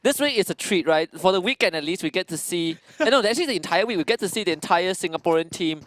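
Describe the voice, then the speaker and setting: A man's voice: high-pitched, lively intonation, fast, fairly bright tone, dry recording. A man doing live esports play-by-play, giggling and exclaiming as he calls the action. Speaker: esports caster.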